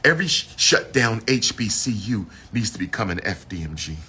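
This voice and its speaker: A man's voice: lowish voice, very animated, brisk, sharp tone, slightly rough. A man hosting a casual livestream monologue, playful and repeating himself to build hype. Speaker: livestream host.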